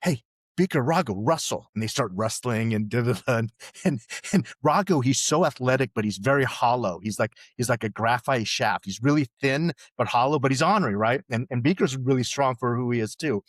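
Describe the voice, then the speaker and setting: A man's voice: medium pitch, a little fast, dry recording. Podcast guest, sixties, male: rambling, salty storyteller, dry close mic. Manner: rambling, profane, many restarts and "you know"s. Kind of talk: casual storytelling chat.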